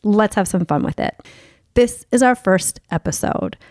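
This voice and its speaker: A woman's voice: mid-range voice, lively intonation, unhurried, a little mellow, no room sound, studio quality. A woman hosting a podcast as a sex coach, talking in a bubbly, playful and openly profane way. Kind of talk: candid podcast chat.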